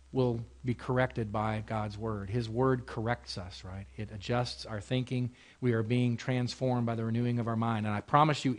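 Conversational male pastor preaching a sermon. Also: medium pitch. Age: adult, married. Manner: conversational, repeats phrases, asks rhetorical questions. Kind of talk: sermon in a Bible class.

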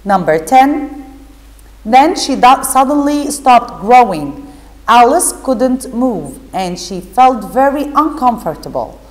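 A woman teacher reading a storybook aloud to a class, slowly and carefully, pausing to explain and guide pupils through the pages. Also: fairly high pitch, sing-song. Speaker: English teacher. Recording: echoey reverberant room.

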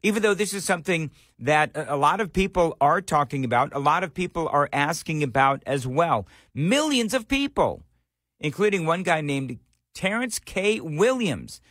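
Sarcastic talk radio host, dry studio. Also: male voice, a little high, sing-song, moderate pace, a bit bright, dry recording. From Nashville area. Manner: sarcastic, rhetorical questions. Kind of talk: opinionated talk radio monologue.

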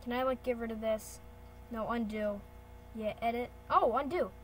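A woman's voice: on the high side, moderate pace, slight background noise, poor audio. A woman giving rambling, playful commentary while using a computer, correcting herself as she goes. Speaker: channel host. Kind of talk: casual screen-recording commentary. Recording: keyboard and mouse clicks behind. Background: typing and clicking.

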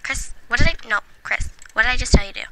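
A woman's voice: a little high, fast talker. A woman hosting a let's play, giving casual gameplay commentary in a chatty, giggly way and talking to the game characters. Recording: noisy home recording.

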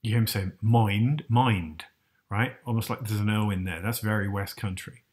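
A man hosting and explaining in a loose, casual way, hesitant and full of fillers, often checking in with the listener. His voice sits low. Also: fairly even intonation, fast talker. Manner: hesitant, many restarts and fillers, asks the listener. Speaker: host.

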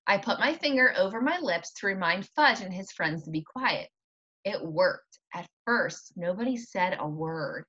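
A woman teacher reading a children's chapter book aloud with expressive storytelling. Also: mid-range voice, husky. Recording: dull lo-fi recording.

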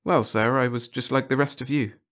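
A man's voice: medium pitch, steady tone, a little fast, fairly bright tone, voice pushed up, close to an everyday voice. A man voicing a shy, polite young corporal who answers hesitantly in a storybook reading.

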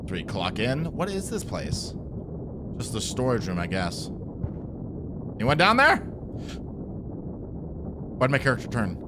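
A man's voice: lowish voice, very animated, moderate pace, noisy background. A man giving nervous, joking commentary while playing a horror game, jumpy and easily startled. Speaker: gaming streamer.

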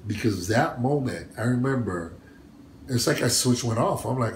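Animated man telling a story in an echoey room. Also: moderate pace, slight background noise. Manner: animated, acts out quotes with big pitch jumps, laughs often. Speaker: bodybuilder guest.

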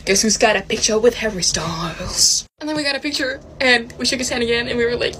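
A young woman excitedly telling a storytime about meeting someone, rambling with lots of "like". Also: medium pitch, fast talker, few pauses, a little hiss or hum. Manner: giddy, rambling, heavy use of "like". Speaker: vlogger.

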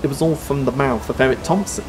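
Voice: mid-range voice, quick pace. A narrator from England, giving an earnest, informal fan review in documentary style. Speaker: cartoon reviewer. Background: music.

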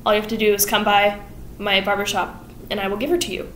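A woman's voice: mid-range voice, flat delivery, fast, fairly bright tone, echoey room, slight background noise, natural voice. A woman voicing a vengeful, brooding male barber in a casual, offhand way while retelling a story. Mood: grumbling.

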